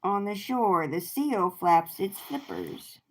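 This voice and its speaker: Slow-reading woman, storybook style. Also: lowish voice, huge pitch swings, a little hiss or hum. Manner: slow, clear read-aloud with animal sounds. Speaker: host reading picture books to children. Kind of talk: reading a children's book aloud on a livestream.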